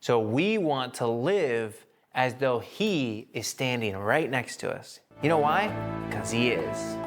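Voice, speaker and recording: Animated man leading a Bible study. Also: medium pitch, over loud music. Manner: animated, casual and blunt, slows down to read scripture. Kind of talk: lively Bible study talk. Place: room with a small group.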